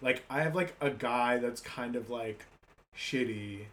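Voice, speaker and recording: A man's voice: medium pitch, a little slow, a little hiss or hum. A man co-hosting an improvised comedy podcast, talking casually and laughing along. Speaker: podcast co-host.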